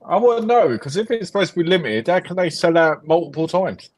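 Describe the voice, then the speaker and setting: A man's voice: sits high, big pitch swings, a little fast, a little mellow. A man co-hosting a livestream in casual chat, reacting and thinking aloud as he searches. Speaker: co-host of a film collecting livestream.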